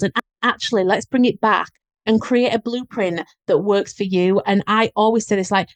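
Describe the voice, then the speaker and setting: A woman's voice: mid-range voice, steady tone, moderate pace, no echo. A woman with a Northern English accent, a guest business coach talking in an earnest, flowing, reflective way in a casual podcast chat.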